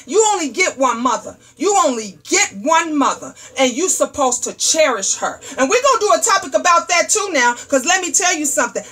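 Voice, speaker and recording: A middle-aged woman hosting a livestream talk show, ranting in a loud, profane, sassy storytelling way. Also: high voice. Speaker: host.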